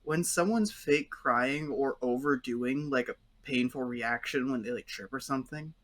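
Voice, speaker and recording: A man's voice: medium pitch, normal speed, fairly bright tone. A man acting as game master, casually chatting with players and rambling through stories. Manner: rambling storyteller, acts out voices. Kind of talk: casual chat between players.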